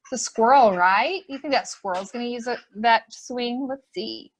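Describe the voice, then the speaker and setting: A woman hosting a children's webinar, reading a picture book aloud and asking young children lots of questions with excited gasps. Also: fairly high pitch, normal speed, slight background noise. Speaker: children's program host. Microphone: webinar computer mic.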